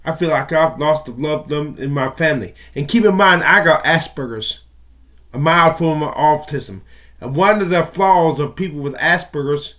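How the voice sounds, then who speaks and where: A man's voice: on the high side, a bit bright. A man calling into a talk show, rambling in an aggrieved tone and swearing now and then. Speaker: caller. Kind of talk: call-in show monologue.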